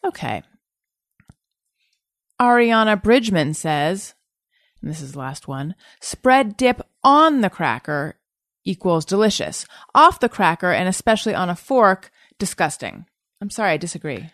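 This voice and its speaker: A chatty woman podcast host with a slightly low voice that swoops up and down a lot. She reads listener questions and jokes about herself, recorded dry and close. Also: a little slow, no echo. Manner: chatty, self-deprecating, animated. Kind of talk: casual chat, reading listener questions.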